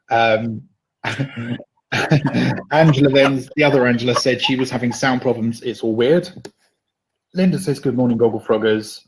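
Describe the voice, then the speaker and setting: A man co-hosting a web show, reading out viewer comments in a steady, matter-of-fact way. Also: mid-range voice, poor audio. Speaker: co-host.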